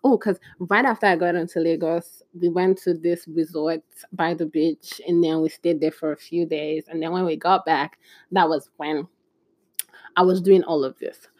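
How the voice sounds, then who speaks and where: A young woman in casual storytime chat, chatty and animated, acting out bits of dialogue with exclamations. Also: lowish voice, normal speed, no echo. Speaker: vlogger.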